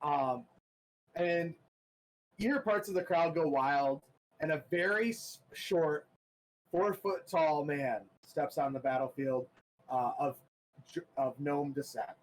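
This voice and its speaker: A man runs a tabletop game, narrating the scene slowly with lots of ums and restarts. His voice sits a little higher than most men's. There is a faint hiss of background noise. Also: poor audio. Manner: halting, full of ums and restarts. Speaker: game master.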